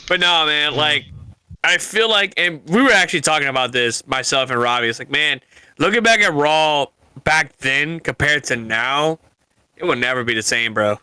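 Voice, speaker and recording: A man's voice: fairly high pitch, expressive, measured pace, sharp tone, clean tone, dry recording. A man hosting a podcast in casual chat, joking crudely and saying "bro" and "dude". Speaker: podcast host.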